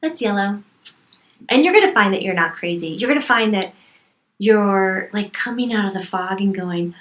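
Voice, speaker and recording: A woman's voice: mid-range voice, animated, normal speed, a bit bright. A woman speaking as a medium in a channeled spiritual talk, stressing points by repeating words. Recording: roomy echo.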